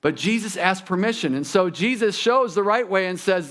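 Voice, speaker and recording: A man's voice: sits high, lively intonation, moderate pace, fairly bright tone. A man preaching a sermon in a church, talking conversationally and turning to the congregation with asides. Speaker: pastor. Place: church sanctuary.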